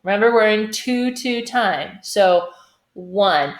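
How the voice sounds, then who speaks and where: A woman's voice: mid-range voice, a little slow. Woman choir teacher in an echoey room. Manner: demonstrates sung phrases, checks in with "okay?". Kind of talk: singing lesson.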